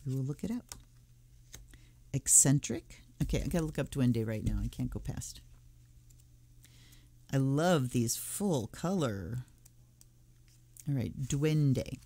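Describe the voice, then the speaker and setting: Slow, mellow-voiced woman musing over cards. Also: very deep voice, lively intonation, dry recording. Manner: musing, thinking aloud while flipping cards. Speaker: tarot reader and channel host. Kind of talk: casual deck unboxing commentary.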